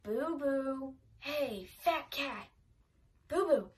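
A woman voicing a cranky old woman neighbor who seems like a witch, croaky and slow as she scolds. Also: high-pitched, animated, full character voice. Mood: grumbling.

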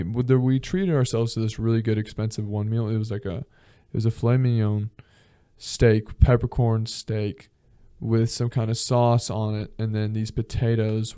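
A young man hosts a casual podcast and spins a loose travel story, swearing freely and breaking into laughter as he acts out the people he met. His voice is mellow and relaxed, sitting at an ordinary middle pitch for a man. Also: clear, resonant tone. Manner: animated and profane, laughs often, acts out quotes. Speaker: podcast host.

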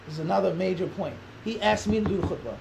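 A man telling a long story as an interview guest, animated, acting out quoted dialogue and throwing in rhetorical questions. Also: sits high, fast talker, vocal fry, noisy background.

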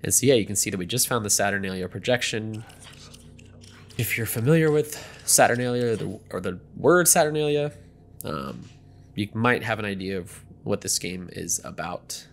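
A man's voice: lowish voice, lively intonation, normal speed, a bit bright, a little hiss or hum. A young man hosting a gameplay video, chatting casually with many ums and you-knows.

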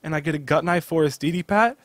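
Hyped-up gaming guy opening cases, kinda high voice, swears a lot, yells when stuff hits. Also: fast, dry recording. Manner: excitable, swears often, breaks into loud disbelieving outbursts. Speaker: gaming channel host. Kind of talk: casual live commentary while opening game cases.

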